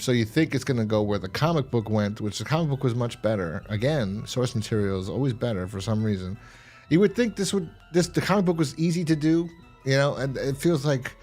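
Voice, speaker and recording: A man chatting casually as a podcast co-host, his voice sitting at an ordinary middle pitch. He rambles through a plot recap, restarting sentences and now and then breaking into loud mock voices. Faint music plays behind him. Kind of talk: casual horror episode review chat.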